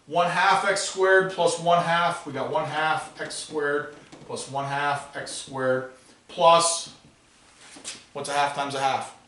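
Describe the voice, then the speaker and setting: A man teaching a classroom math lesson, animated and playful, asking students questions as he works. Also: on the high side, slow pace, a little hiss or hum. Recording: echoey classroom, voice from far off.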